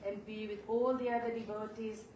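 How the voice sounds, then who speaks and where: A woman giving a heartfelt homage in a temple hall, speaking haltingly and apologetically, moved to tears. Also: medium pitch, flat delivery, darkish tone. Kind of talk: emotional spoken tribute. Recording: echoey hall, voice from far off, clear background noise.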